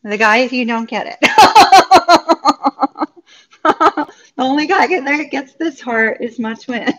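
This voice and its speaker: A woman's voice: fairly high pitch, a little fast, few pauses, fairly bright tone. A woman giving a live tarot reading to viewers, effusive and upbeat, chatting and laughing often. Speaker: tarot reader. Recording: dull lo-fi recording.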